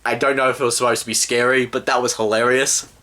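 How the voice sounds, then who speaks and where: A man's voice: medium pitch, flat delivery, fast, bright, forceful tone. A man ranting through a movie review in an exasperated, rambling way full of fillers. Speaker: film reviewer.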